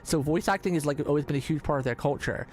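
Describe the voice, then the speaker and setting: A vtuber streamer's fairly high, slightly mellow voice moves fast as he casually comments on the game he's playing. He rambles, repeats words, and restarts sentences often, and a little hiss or hum is audible.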